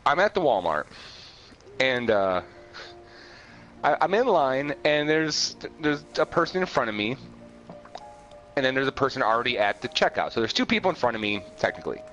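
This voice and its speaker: A man's voice: mid-range voice, very animated, normal speed, long pauses, fairly bright tone, lo-fi sound, soft background music. A man co-hosting a podcast, telling a rambling story in casual chat with restarts and laughs. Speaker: podcast co-host. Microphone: home podcast mic.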